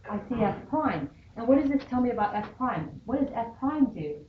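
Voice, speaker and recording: A woman's voice: on the high side, sing-song, brisk. Woman math teacher, classroom lecture, echoey classroom, muffled sound, checks in with "okay?". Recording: dull lo-fi sound in an echoey classroom with faint noise.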